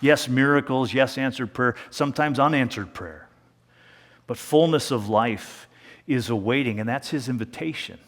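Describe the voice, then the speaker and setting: A man preaching a sermon in a conversational tone, with a middle-pitched voice that eases into slow, hushed stretches to drive points home. He speaks from a church sanctuary, and his voice rings out with a long, lingering reverb. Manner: conversational preaching, slows down and drops to a hush for emphasis. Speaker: pastor.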